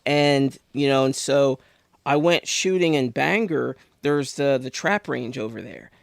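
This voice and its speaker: A man from Pennsylvania telling a rambling, animated story as a podcast guest, full of restarts. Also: medium pitch, a little slow, vocal fry, no room sound, clean studio sound. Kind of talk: casual storytelling.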